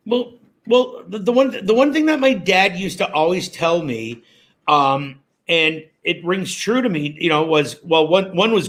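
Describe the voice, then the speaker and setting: A man's voice: high-pitched, fairly quick. A man, a former radio host and guest, telling stories in a casual interview, acting out quotes as he goes. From Canada. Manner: animated storyteller, acts out quotes.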